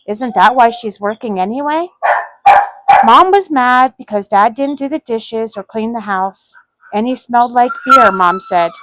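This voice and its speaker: A woman reading her own short story aloud in a soft, earnest manner. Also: a little high, no room sound, poor audio. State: voice cracking with emotion.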